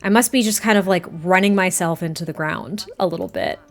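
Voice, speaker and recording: A woman's voice: fairly low pitch, expressive, brisk, soft background music. Woman voicing a flustered, apologetic young mother.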